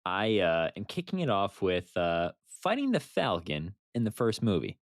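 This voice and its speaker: A man co-hosting a podcast in casual chat, animated and laughing as he recaps scenes. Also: fairly low pitch, moderate pace, no echo, clean studio sound. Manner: animated, laughs and uses fillers while recapping. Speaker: podcast co-host.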